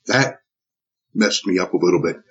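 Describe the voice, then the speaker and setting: A man recounting a personal ordeal in an interview, animated and full of restarts and acted-out quotes. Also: sits low, normal speed, husky, faint music behind. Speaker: interviewee telling a personal story. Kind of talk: emotional spoken recollection. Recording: dull lo-fi recording.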